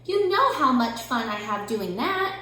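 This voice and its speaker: A woman's voice: fairly high pitch, big pitch swings, measured pace, pushed and bright, heavily acted. A woman voicing a cranky bunny in a storybook reading, grumbling and complaining. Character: grumbling bunny who loves winter. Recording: very echoey room.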